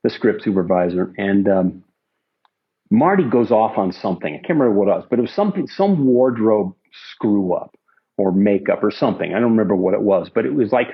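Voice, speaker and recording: Husky middle-aged man telling rambling stories. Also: lowish voice, very animated, brisk, lo-fi sound. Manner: rambling, lots of restarts and asides. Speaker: film crew key grip, interviewee. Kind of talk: anecdotal storytelling.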